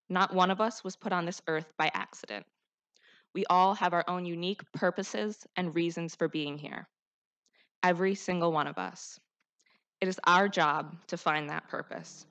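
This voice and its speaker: A woman's voice: on the low side, fairly bright tone. A teenage girl, the class salutatorian, giving an earnest, heartfelt and rousing graduation speech at a podium microphone. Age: teens. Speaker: student speaker, salutatorian.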